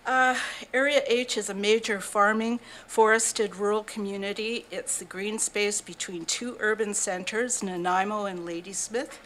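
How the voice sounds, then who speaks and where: A woman's voice: medium pitch, fairly even intonation, unhurried, hardly any pauses, a bit bright, slight background noise, low-quality recording. An older woman from Canada, a public delegate at a council meeting, reading a prepared statement in an earnest, slightly breathless way. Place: council chamber.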